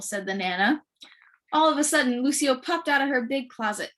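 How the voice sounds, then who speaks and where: A woman reading a children's book aloud with lively, expressive storytelling. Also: on the high side, normal speed. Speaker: storybook reader.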